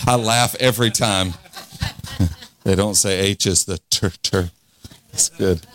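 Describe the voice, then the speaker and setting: A man's voice: on the low side, slow, fairly bright tone, a little hiss or hum. A man in his forties preaching a fervent revival sermon, leading the crowd in call-and-response and laughing often. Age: 40s.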